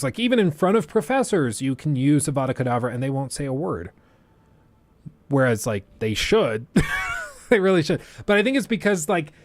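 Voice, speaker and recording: A young man chats casually on a livestream, thinking out loud with lots of fillers and restarts. His voice is on the high side, and the recording is dry.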